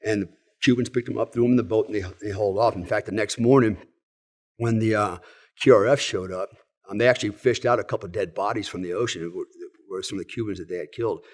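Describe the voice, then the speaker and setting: A middle-aged man from the United States with a fairly low voice talks through his army stories. He keeps a loose, relaxed manner, full of fillers and asides. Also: quick pace. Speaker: guest, former Delta Force soldier. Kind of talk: casual storytelling.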